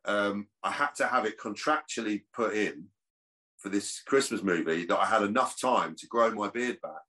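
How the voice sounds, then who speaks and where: A man's voice: lowish voice, moderate pace, sharp tone. Chatty man, rambling. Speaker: actor guest. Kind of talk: casual podcast chat.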